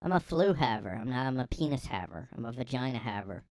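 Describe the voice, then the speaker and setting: A man's voice: mid-range voice, lively intonation, quick pace, dry recording, lightly acted. A man putting on a smug, mocking voice of someone listing his labels, sing-song.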